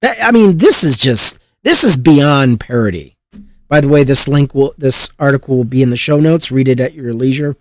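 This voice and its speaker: A man's voice: medium pitch, animated, normal speed, no echo, clean studio sound. A man hosting a podcast, ranting in exasperated, profanity-laced commentary on the news. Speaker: podcast host.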